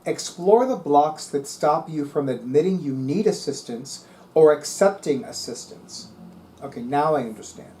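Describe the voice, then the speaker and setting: A man's voice: on the high side, expressive, measured pace, warm tone, a little hiss or hum. A middle-aged man reading tarot articles aloud and musing on them in a casual, chatty way. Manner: musing, reads aloud then comments. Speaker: tarot reader.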